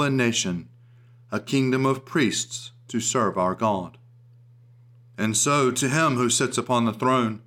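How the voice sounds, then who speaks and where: A man giving a steady, reverent recitation of prayers and a devotional reading in a liturgical service. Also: fairly low pitch.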